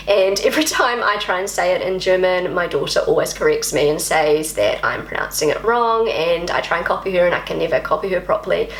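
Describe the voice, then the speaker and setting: Brief: chatty woman vlogger, native English speaker, self-mocking, in a roomy space. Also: medium pitch. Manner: self-deprecating, chatty, repeats words while practising. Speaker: language vlogger. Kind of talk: casual talk to camera.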